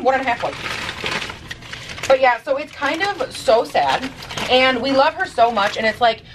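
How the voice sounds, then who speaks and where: A young woman vlogs while baking in her home kitchen, chatting in a sassy way with casual swearing. Her voice sits high at a moderate pace with long pauses, and the mic is distant with background noise.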